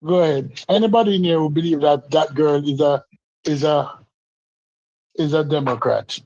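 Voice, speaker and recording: A man's voice: fairly high pitch, moderate pace, darkish tone, no room sound, lo-fi sound. A man in a heated podcast debate who talks over others and keeps repeating himself to hold the floor. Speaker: podcast guest.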